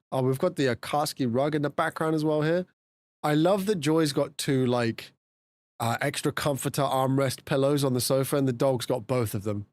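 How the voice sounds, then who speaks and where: A man streaming, chatting casually and laughing, dropping to low mutters and jumping to high exclamations. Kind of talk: casual live-stream chat.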